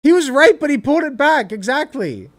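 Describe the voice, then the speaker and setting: A man streaming reaction commentary, ranting in an animated, exasperated way with lots of swearing. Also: very high-pitched, brisk.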